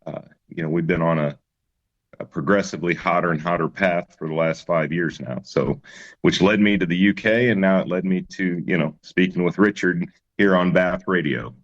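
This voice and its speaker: A man's voice: deep voice, normal speed, highs cut off. A man, a musician guest, telling his story in an easygoing interview chat with many fillers and restarts.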